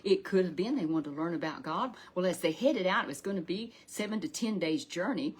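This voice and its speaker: A woman's voice: lowish voice, lively intonation, brisk, a little hiss or hum. A woman telling a Sunday Bible story to a puppet, rambling and repeating herself with many restarts.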